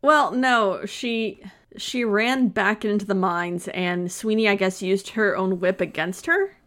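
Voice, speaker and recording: A woman's voice: medium pitch, steady tone, takes it slowly, fairly bright tone. A woman co-hosting a podcast, retelling a movie plot in casual chat with sarcasm and frequent laughter. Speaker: podcast co-host.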